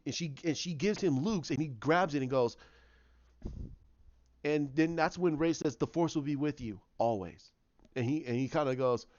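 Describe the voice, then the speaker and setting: A man YouTuber casually retelling a story in a rambling, halting way, on a slightly dull, dry recording. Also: on the high side, dry recording.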